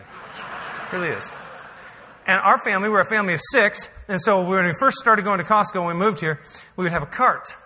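A man's voice: on the high side, bright, forceful tone. A man preaching a sermon as pastor, telling a story in a conversational, humorous way that builds to emphatic peaks. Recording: hall reverb.

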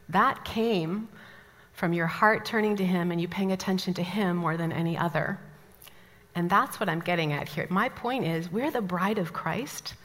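A woman from the American Midwest teaching a Bible study, telling stories with lively asides. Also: on the low side. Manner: animated storytelling, lively asides. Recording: long hall reverb.

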